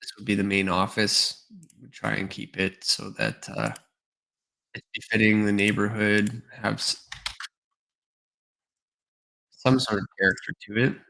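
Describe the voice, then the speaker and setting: A man's voice: lowish voice, unhurried, gravelly, pauses often, pushed and bright, low-quality recording. A man hosting a design livestream, thinking aloud with many fillers, tired and slightly losing his voice. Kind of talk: casual livestream commentary.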